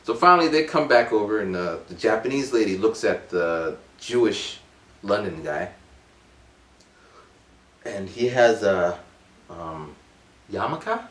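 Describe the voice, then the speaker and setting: A man in his forties telling a rambling, animated story at home. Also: fairly low pitch, unhurried, pauses often, roomy sound. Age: 40s. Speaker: vlogger. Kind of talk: casual storytelling vlog.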